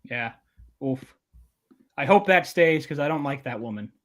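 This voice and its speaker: Joking young man, somewhat high voice. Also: lively intonation, normal speed, a bit bright. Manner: rambling, joking, loose. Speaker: livestream co-host. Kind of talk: casual chat on election results.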